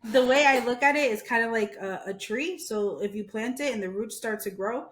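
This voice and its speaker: Animated woman waxer telling stories. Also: on the high side, moderate pace. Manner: animated storyteller, acts out quotes. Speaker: podcast host and waxer. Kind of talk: casual chat.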